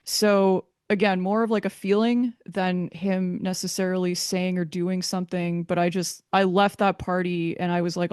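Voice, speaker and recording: A woman tells her story to an interviewer in a hesitant, candid way, restarting her sentences often. Her voice is smooth and clear, with little rise and fall, and the recording is dry and close. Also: lowish voice, little pitch movement, moderate pace, hardly any pauses, a little mellow, dry recording. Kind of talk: candid personal account.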